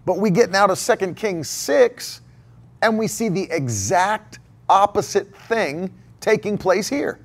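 A man's voice: high voice, expressive, a little slow. A male preacher delivering a sermon emphatically, repeating key phrases and posing rhetorical questions to the congregation.

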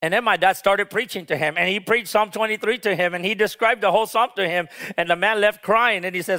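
Male pastor, high clear voice, fervent call-and-response sermon delivery. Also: brisk, hardly any pauses, pushed and bright. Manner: call-and-response preaching, urging the congregation to repeat; passionate, rises to emphatic peaks.

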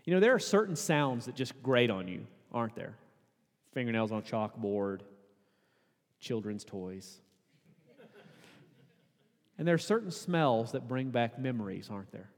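Conversational preacher in a reverberant hall. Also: male voice, mid-range voice, big pitch swings, unhurried, pauses often. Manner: conversational preaching, rising to emphatic peaks. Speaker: pastor. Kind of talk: sermon.

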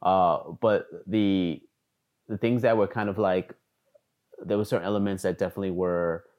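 A man co-hosting a podcast in casual chat, talking in a halting way with restarts and fillers and letting his sentences trail off quietly. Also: sits low, steady tone, highs cut off. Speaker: podcast co-host.

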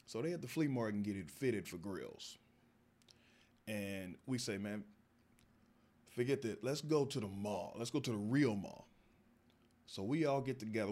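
A man from the American South tells a stand-up story in his ordinary mid-range voice. He is animated and keeps breaking into sharply higher voices to act out the people in the story. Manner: animated, acts out other voices in high pitch.

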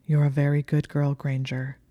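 A reader voices a sardonic, exasperated young male wizard in an audiobook. His lines come clipped, strained and firm, in a mellow, dry, close sound. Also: mid-range voice, completely flat delivery, moderate pace, no room sound, muffled recording, natural voice. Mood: soothing. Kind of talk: audiobook reading.

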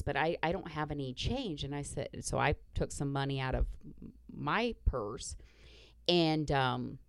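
A woman's voice: low-pitched, no room sound. A woman podcast host casually retelling a story, blunt and profane, acting out the dialogue.

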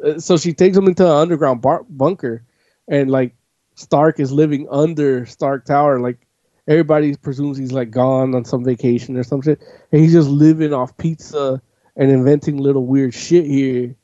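A man with a dark, mellow tone rambles through a casual chat, swearing and packing his talk with "like". The sound is dry and close, on a dull, lo-fi recording. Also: medium pitch, fairly even intonation, normal speed, dry recording. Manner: rambling, profane, full of "like". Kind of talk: casual chat, recapping a comic. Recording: dull lo-fi audio.

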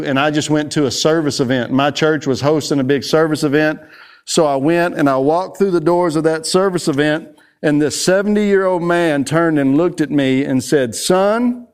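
Male conference speaker, smooth resonant tone, relaxed folksy delivery in a church hall. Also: on the high side. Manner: folksy, storytelling, slightly out of breath. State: out of breath. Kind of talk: live conference talk. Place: church hall, live audience.

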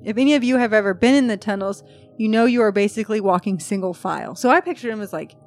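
A woman's voice: medium pitch, fast talker, a little mellow, soft background music. A woman hosting a podcast in casual chat, reading a post aloud with chatty, freely swearing asides. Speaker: podcast host.

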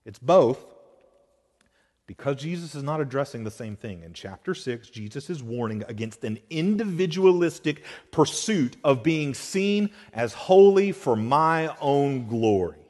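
A man preaching a sermon as pastor, moving between quiet explanation and emphatic, rising declarations. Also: mid-range voice, measured pace. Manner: animated preaching, swings between soft and emphatic. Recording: reverberant hall.

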